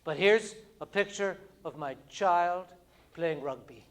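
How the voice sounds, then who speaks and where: A man imitating a soft-spoken male diplomat who speaks in slow, deliberate, solemn phrases. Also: sits high.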